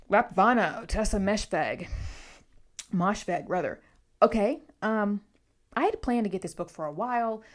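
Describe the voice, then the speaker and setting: A woman with a slightly low-pitched voice talks through her new books in a relaxed vlog. She is chatty and outspoken and drops in quick asides as she goes. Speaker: book vlogger. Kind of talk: casual book haul vlog.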